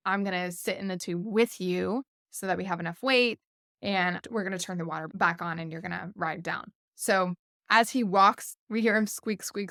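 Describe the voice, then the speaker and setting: Gravelly-voiced woman telling a lively story. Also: mid-range voice, dry recording, clean studio sound. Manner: animated, laughing storyteller with lots of "like" fillers. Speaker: podcast host. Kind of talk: casual storytelling.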